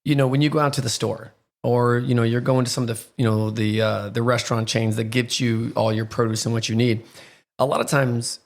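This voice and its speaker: A man's voice: mid-range voice, little pitch movement, a little fast. A man hosting a podcast in casual chat, talking loosely with lots of fillers and rhetorical questions. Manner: chatty, many fillers, rhetorical "right?". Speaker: podcast host.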